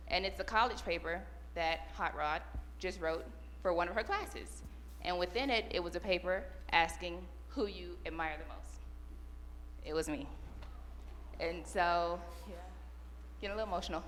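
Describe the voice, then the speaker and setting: Warm, self-mocking woman speaker. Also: lowish voice, moderate pace, slight background noise. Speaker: Air Force supervisor, panelist. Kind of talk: personal story told to an audience. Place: large auditorium.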